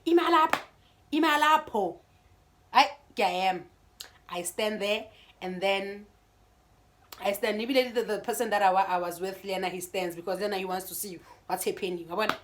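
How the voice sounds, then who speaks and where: A South African woman telling a personal story in a casual vlog, animated and chatty, with frequent restarts. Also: mid-range voice, fairly quick, a little hiss or hum. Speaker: YouTuber.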